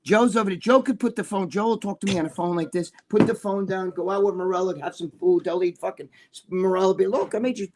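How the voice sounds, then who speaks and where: Profane rambling older man, high voice. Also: fairly even intonation, fast talker, few pauses, background noise. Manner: rambling, profane, restless restarts. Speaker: guest, bodybuilding columnist. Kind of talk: casual live chat.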